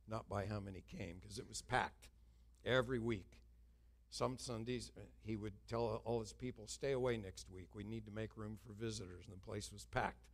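An older man preaching a sermon in an earnest, conversational way. He mixes scripture with light humorous asides and speaks at an ordinary middle pitch. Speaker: pastor.

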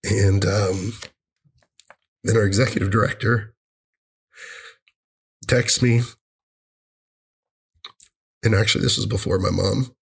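Husky low-voiced man telling a story. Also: steady tone. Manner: earnest, halting, repeats himself. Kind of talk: personal storytelling to camera.

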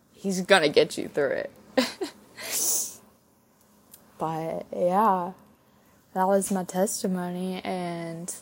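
A young woman hosting her own podcast, giving a halting, heartfelt faith testimony with soft laughs while tearful from crying. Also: fairly low pitch. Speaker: podcast host.

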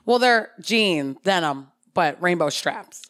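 A woman's voice: lowish voice, animated, takes it slowly, fairly bright tone, no room sound. A young adult woman co-hosting a casual podcast chat, bubbly and teasing, laughing often. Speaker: podcast co-host.

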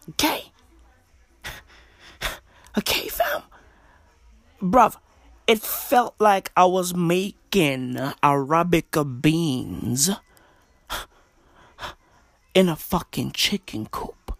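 Slow, hushed man ranting. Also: on the high side, dry recording. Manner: slangy, profane, repetitive rambling. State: speaking in a hushed half-whisper. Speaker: podcaster. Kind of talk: casual rant. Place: own bedroom at home.

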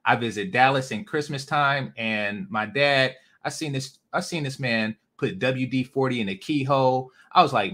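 Cali guy hosting a stream, bright forceful voice, blunt and cussing a lot, rambles. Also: mid-range voice, normal speed, few pauses. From California. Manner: blunt, profane, rambling rants. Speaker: host. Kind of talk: casual livestream commentary.

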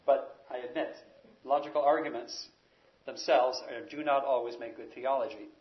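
A man's voice: mid-range voice, steady tone, normal speed, highs cut off. A man preaching an expository sermon, teaching emphatically and raising his voice on key words.

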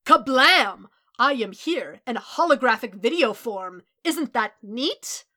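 A woman reading fan fiction aloud, voicing a booming, hammy adult male superhero in a recorded message. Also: expressive, slow, full character voice. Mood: boisterous. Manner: loud, theatrical, hammy declarations.

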